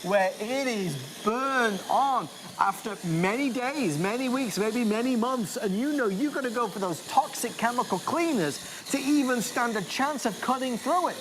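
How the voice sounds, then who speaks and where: High-voiced, gushing male shopping host. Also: animated, normal speed, hardly any pauses, background noise. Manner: enthusiastic, gushing salesman patter. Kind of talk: TV shopping presentation. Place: TV shopping studio.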